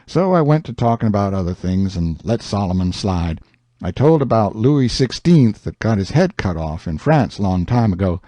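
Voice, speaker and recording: A male audiobook narrator telling a first-person story in an unhurried, folksy way. His voice is mellow and its pitch moves freely, and the recording is dry and close. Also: no echo.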